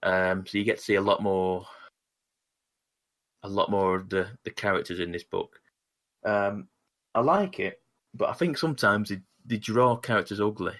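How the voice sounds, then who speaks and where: Deep-voiced man rambling about comics. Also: moderate pace, pauses often, fairly bright tone. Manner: rambling, many restarts and fillers. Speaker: podcast co-host. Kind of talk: casual chat about comics.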